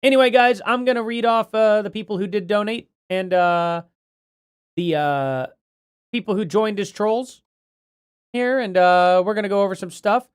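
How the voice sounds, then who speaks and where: A man's voice: high-pitched, normal speed, clean tone, dry recording, studio quality. A man hosting a casual livestream, chatting and reading out donations, his words a little slurred from a bitten tongue. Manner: chatty, reads donations aloud, apologetic. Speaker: livestream host.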